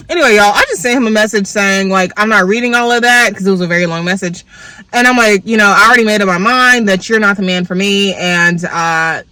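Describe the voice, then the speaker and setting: A young woman venting in a profane, animated storytime rant to her viewers. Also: medium pitch, no room sound. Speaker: vlogger.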